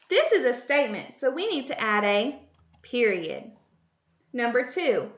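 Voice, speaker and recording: A woman teaching a first-grade class, speaking slowly and clearly and reading example sentences in a deliberate, sing-song way. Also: high-pitched, very animated, fairly bright tone. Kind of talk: slow, clear classroom instruction. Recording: echoey room, dull lo-fi sound.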